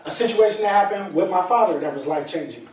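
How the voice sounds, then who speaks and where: A man speaking as a motivational speaker, telling a personal story to an audience in an animated, colloquial way with laughter. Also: high-pitched, fast. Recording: echoey room, distant mic, faint ambience.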